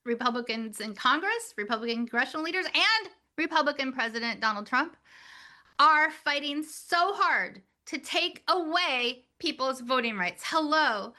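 A woman hosting a political talk, indignant and forceful, repeating points for emphasis. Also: sits high, expressive, normal speed.

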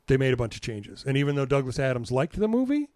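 A man's voice: mid-range voice, big pitch swings, quick pace, a little mellow, dry recording. A man co-hosting a podcast with his wife, joking and swearing freely in casual chat. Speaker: podcast co-host.

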